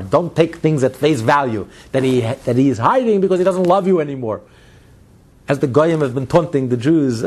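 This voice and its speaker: A husky, slightly raspy man gives a spoken lecture as a Torah teacher, his voice sitting a bit high for a man. He stacks up repeated phrases with rising emphasis. Then he sinks into low, hushed asides. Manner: swings between loud stress and low, quiet asides.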